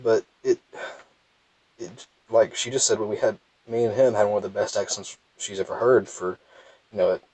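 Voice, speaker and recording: A man's voice: lowish voice, fairly even intonation, moderate pace, a little mellow, husky, rough recording. A tired young man from Mississippi, rambling wryly in a casual vlog from his parked car. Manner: rambling, self-interrupting, wry. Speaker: gaming vlogger. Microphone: phone.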